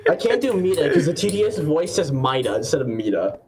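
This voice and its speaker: A young person blurting excitedly in a casual online voice chat. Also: mid-range voice, fast talker.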